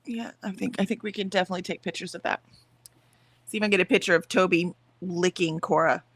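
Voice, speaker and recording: A woman's voice: lowish voice, steady tone, fast, a bit bright, dry recording. A woman with a Southern US accent, co-hosting a casual morning stream, reading chat messages aloud and laughing easily. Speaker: stream co-host. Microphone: headphones with mic.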